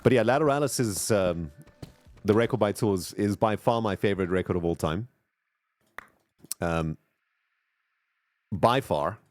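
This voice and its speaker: A man streaming a video game live, chatting casually and greeting viewers with bursts of excitement. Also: fairly low pitch, no echo. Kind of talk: casual live gameplay chat.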